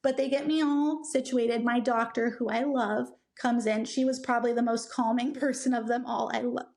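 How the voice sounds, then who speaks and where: Chatty high-voiced young woman. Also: moderate pace, creaky. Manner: animated, acts out quoted people, many "like" fillers. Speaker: podcast co-host. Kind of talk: casual chat, storytelling.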